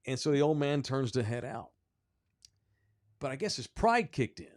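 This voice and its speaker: Male podcast host, casual storyteller, animated and profane, acts out the people in his story. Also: medium pitch, normal speed, long pauses.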